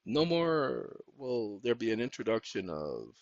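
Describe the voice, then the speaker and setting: A man's voice: fairly low pitch, wildly swooping pitch, a little slow, no echo. A tired man hosting his channel in a casual, weary, rambling monologue. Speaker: YouTube channel host. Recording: dull dry recording.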